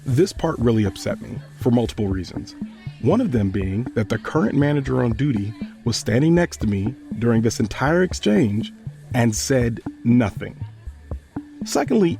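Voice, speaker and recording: A podcast host with a gravelly, mid-range voice retells a personal story. His delivery is measured and earnest.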